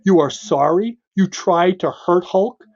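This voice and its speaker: A hurt, angry Hulk, put on by a man reading aloud, speaks in a voice dropped low and heavy, pressing every accusation. The sound is dull and lo-fi, and the pitch still sits fairly high for a man. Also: a little slow, a little mellow. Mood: bitter, accusing. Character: angry wounded male Hulk, childlike brute.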